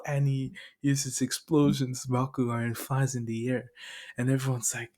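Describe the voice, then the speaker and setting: A man's voice: mid-range voice, flat delivery, moderate pace, darkish tone. A young man casually retelling a cartoon story in his own words, rambling and chuckling as he goes.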